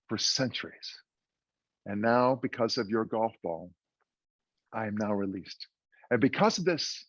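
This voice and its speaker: A man's voice: fairly low pitch, slightly rough, no room sound, heavily acted. A man voicing an eloquent male genie freed from a lamp, speaking in formal, stately phrases. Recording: dull muffled dry audio.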